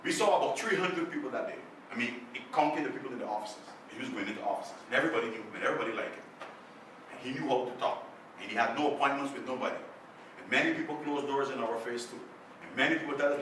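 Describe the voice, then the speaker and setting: Animated male speaker in an echoey room. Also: mid-range voice, very fast. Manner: animated storyteller, acts out quoted voices. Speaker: guest speaker. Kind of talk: motivational storytelling talk. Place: club meeting room. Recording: echoey room, distant mic, faint noise.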